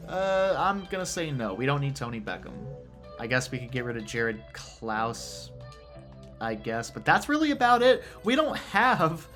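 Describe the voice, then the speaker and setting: A man casually commentating his own football video game session, reacting loudly to plays and talking to the players on screen. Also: mid-range voice. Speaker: gamer playing a football video game franchise. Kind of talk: casual let's-play commentary. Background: game music.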